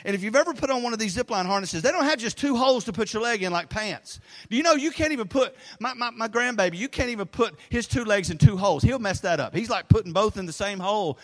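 A middle-aged man preaching a sermon in a high, bright-toned voice. He tells stories in a rambling, animated way and drops low for his asides. A long reverb from a big church hall trails each phrase. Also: fast talker, few pauses. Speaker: pastor. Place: church sanctuary.

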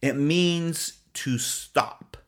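A man, a pastor, preaching a sermon in an animated storytelling way, laughing often and checking in with the listeners. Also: fairly high pitch, drawn-out words. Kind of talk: sermon with personal stories.

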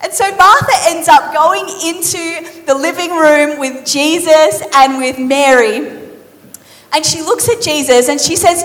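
A woman preacher giving a sermon in a lively, conversational, playful storytelling manner. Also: high-pitched, a little slow. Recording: reverberant hall.

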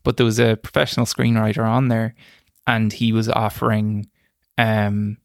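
A man's voice: lowish voice, flat delivery, normal speed, gravelly, no echo, studio quality. A young man, a screenwriter and podcast guest, telling self-deprecating stories in a casual chat and laughing as he goes. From Ireland. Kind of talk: casual storytelling interview.

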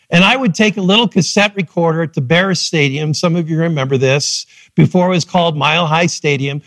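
A middle-aged man preaching a sermon as pastor, telling his story with lively, acted-out quotes. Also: on the high side, no echo. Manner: animated storytelling, acting out quotes. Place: church.

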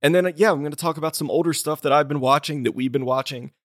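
A man's voice: on the high side, very fast, no room sound. Chatty male podcast host, dry close sound. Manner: chatty, rambling with restarts and laughs. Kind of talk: casual film talk.

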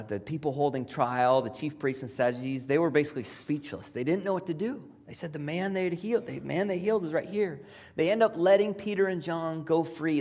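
A pastor with a medium-pitched voice preaches a sermon in a reflective, storytelling way. They ask questions aloud and drop to a soft near-whisper for quoted words.

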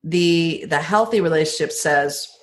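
A middle-aged woman in a casual advice conversation, telling personal stories and acting out quoted lines with lively jumps in pitch. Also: measured pace. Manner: animated storyteller, acts out quotes with big pitch jumps.

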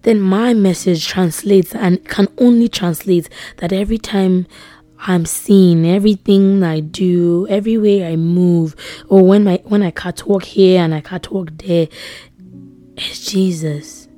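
Earnest woman preaching softly. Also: lowish voice, fairly even intonation, unhurried, no echo. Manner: earnest, repetitive, drops to soft whispers for emphasis. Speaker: podcast host. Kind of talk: devotional podcast preaching.

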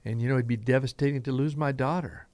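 A man's voice: medium pitch, fairly even intonation, fast talker, darkish tone, no echo. A middle-aged man from Southern Idaho with a slight Southern twang, preaching a folksy, rambling, earnest radio sermon as a pastor.

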